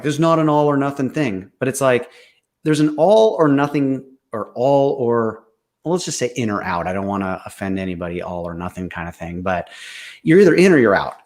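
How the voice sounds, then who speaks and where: Candid, emphatic man in casual talk. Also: mid-range voice. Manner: candid, animated, repeats phrases for emphasis. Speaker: co-host.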